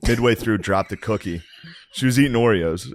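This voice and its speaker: An American man in his thirties co-hosting a podcast, telling a family story in casual chat and jumping into high yelps when he quotes people. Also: fairly quick. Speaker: podcast co-host.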